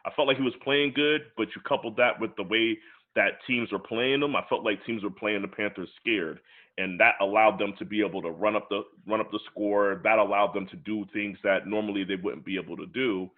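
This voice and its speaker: A man with a somewhat low voice co-hosts a casual podcast chat. He is eager and sets out his points in order. He sounds thin and tinny, as if over a phone line. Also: brisk. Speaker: podcast co-host.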